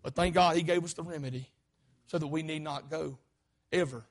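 A male preacher delivering a sermon in a church auditorium, building to loud, impassioned peaks and dropping low for emphasis. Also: fairly even intonation, a little fast.

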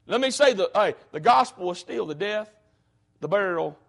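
Guy preaching hard, pretty high voice, folksy n fervent. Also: animated, moderate pace, creaky, a bit bright. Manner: fervent, folksy, peppered with "hey". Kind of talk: sermon.

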